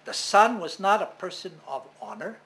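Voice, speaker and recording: A man telling a legend in the first person as its hero, in a dramatic, animated manner. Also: sits high, moderate pace, poor audio. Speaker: storyteller.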